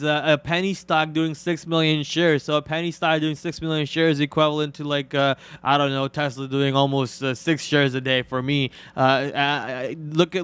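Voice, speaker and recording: A man's voice: on the high side, a bit bright, smooth, no room sound. A man co-hosting a live stock trading show, talking in a rambling way with many fillers and restarts and joking about his own trades. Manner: self-mocking jokes about his trades. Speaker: co-host trader. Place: studio.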